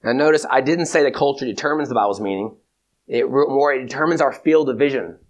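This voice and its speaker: A man giving a theology lecture in a measured, emphatic way, repeating his key points. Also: mid-range voice. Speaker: teacher.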